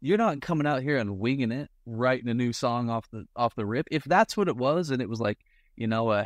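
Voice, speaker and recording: A man's voice: mid-range voice, fairly quick, no echo, studio quality. A man co-hosting a podcast in casual chat, complaining in a wry, amused way with acted-out asides. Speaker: podcast co-host.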